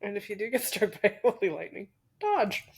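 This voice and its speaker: A woman's voice: medium pitch, fast, vocal fry, darkish tone, husky. A woman co-hosting a podcast in casual chat, teasing and laughing often. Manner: giggly, teasing. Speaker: podcast co-host.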